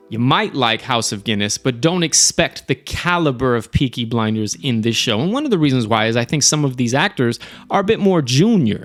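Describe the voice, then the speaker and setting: A man's voice: medium pitch, a bit bright. Male streamer host, casual and chatty, midrange voice, faint background music. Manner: chatty, swears casually, restarts often. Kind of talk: casual live-stream review.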